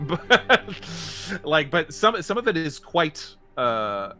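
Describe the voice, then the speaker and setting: A man narrates a tabletop game as game master, his voice lively and animated. He laughs often and restarts his sentences. His tone is bright and a bit high. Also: drawn-out words, faint music behind.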